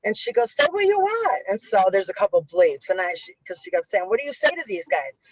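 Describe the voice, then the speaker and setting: Speaking fast and very animated, a middle-aged woman guest, a violence interrupter, tells stories in a lively interview, swearing freely and performing the voices of those she quotes. Her voice is mid-range. The recording is low quality, with slight background noise.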